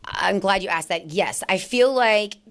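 A woman with a Southern US accent, chatting in an interview as an actress guest, bubbly and quick to laugh while telling stories. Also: medium pitch, clear, resonant tone. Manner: bubbly, laughs often, animated storytelling. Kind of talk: casual interview chat.

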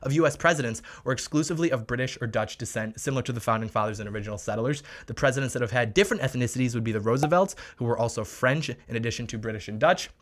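A man's voice: mid-range voice, racing, hardly any pauses. A man hosting political commentary, sarcastic and combative, mocking his opponents.

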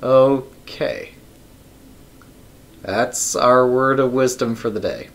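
A man's voice: medium pitch, takes it slowly. A man live-streaming his coding work, thinking aloud in a wry, casual way with many ums and uhs.

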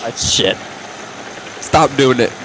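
A man's voice: medium pitch, lively intonation, slow pace, a bit bright, slight background noise, low-quality recording. A man co-hosting a casual gaming commentary over a voice call, playful and teasing. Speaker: co-host.

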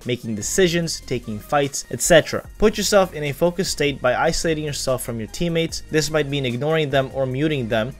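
Young man narrating a game tutorial. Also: mid-range voice. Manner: earnest, instructive, with dry sarcastic asides. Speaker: gaming tutorial creator. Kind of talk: scripted tutorial voice-over.

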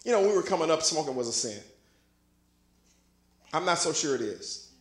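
A man preaching a live sermon as bishop, joking with the congregation in a chatty way and building to shouted emphasis. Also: fairly high pitch, very animated, a little fast. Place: church sanctuary with congregation. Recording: echoey church recording.

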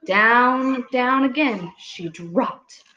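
Gentle woman reading a storybook aloud. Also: a little high, extremely slow, a little hiss or hum. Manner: gentle, asks children questions. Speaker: storytime reader. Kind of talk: reading picture books aloud to children. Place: home room with children nearby. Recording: echoey room, dull lo-fi audio.

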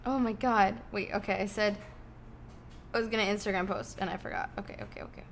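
A woman's voice: medium pitch, fairly even intonation, fast talker, a bit bright, slight background noise. A young woman chatting casually on a live stream from her bedroom, swearing and thanking subscribers while fighting hiccups. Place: home bedroom.

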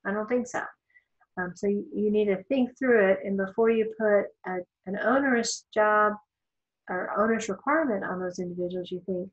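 A woman's voice: medium pitch, steady tone, moderate pace, dull audio. A woman instructor giving a recorded law lecture in a conversational way, with asides and fillers.

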